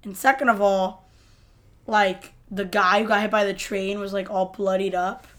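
A woman co-hosting a podcast, reviewing TV episodes in a relaxed, conversational way with frequent filler words. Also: mid-range voice, moderate pace. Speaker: podcast co-host. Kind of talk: casual chat reviewing TV episodes.

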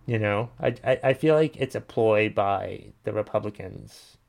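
A man's voice: fairly low pitch, unhurried, creaky, few pauses, darkish tone. A man hosting a casual commentary show, ranting bluntly and swearing while he reacts to listener messages. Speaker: podcast host reading listener messages.

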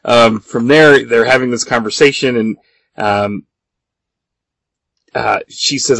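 A man's voice: medium pitch, vocal fry, no echo, rough recording. A man co-hosting a podcast, casually recapping a comic with frequent ums. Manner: relaxed, agreeable, halting with ums. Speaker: podcast co-host.

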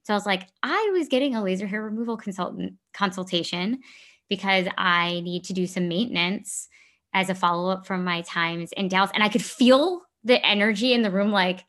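A woman's voice: medium pitch, brisk, fairly bright tone. Earnest rambling woman sharing candidly. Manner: rambling, self-correcting, earnest. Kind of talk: candid personal chat.

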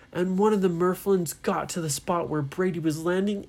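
A woman telling a children's bedtime story, slow and soft, playing up the characters' voices. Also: lowish voice.

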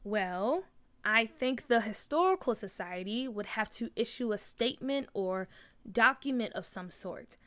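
Woman reader voicing a cautious, level-headed teacher; measured, clear and bright. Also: fairly high pitch, lively intonation, no echo. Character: calm, sensible woman teacher. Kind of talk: storybook read-aloud.

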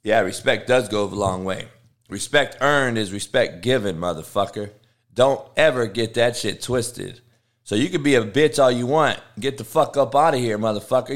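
A man, a football coach on a livestream, answering chat with profane, confrontational rants that swing from low mutters to loud, high tirades. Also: normal speed. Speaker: football coach streaming live.

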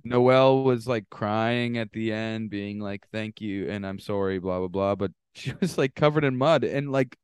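A man co-hosting a podcast, chatting casually, animated and mimicking people he describes. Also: lowish voice, normal speed, few pauses, clear, resonant tone, no echo. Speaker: podcast co-host. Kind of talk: casual recap chat.

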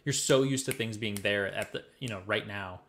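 A young man from the American Midwest co-hosting a podcast, telling stories in casual, profane, animated chat. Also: on the low side, moderate pace, slight background noise. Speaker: podcast co-host.

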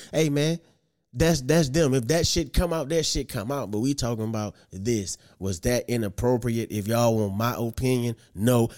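Animated, slangy podcast host man. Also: fairly high pitch. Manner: animated, slangy and profane, with rhetorical questions. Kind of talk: casual opinion monologue.

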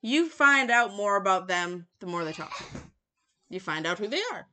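A woman's voice: mid-range voice, expressive, normal speed, background noise. A woman co-hosting a podcast, chatting casually in a blunt, profane way. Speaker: podcast co-host. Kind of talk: casual chat.

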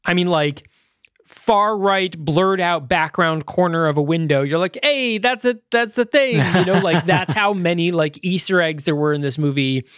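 A man hosts a podcast in loose, casual chat, his voice sitting a little high for a man. He rambles through fillers and restarts and acts out quotes in quick little voices. The sound is dry and close. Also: no echo. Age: adult parent. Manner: animated retelling, quoting others in little voices. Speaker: podcast host.

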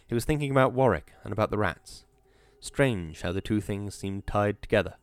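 A man reading an audiobook in a measured, atmospheric storytelling manner. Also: fairly low pitch, clean tone, dry recording. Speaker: narrator. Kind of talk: audiobook narration.

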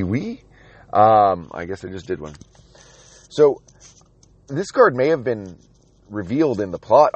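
A man's voice: low-pitched, no echo, lo-fi sound. A man talking casually about a comic book, rambling with restarts and reading passages aloud.

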